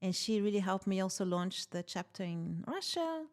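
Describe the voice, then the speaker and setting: Lively woman telling a story. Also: mid-range voice, normal speed. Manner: animated, laughs often while telling stories. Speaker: podcast guest, tech founder. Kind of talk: casual interview storytelling.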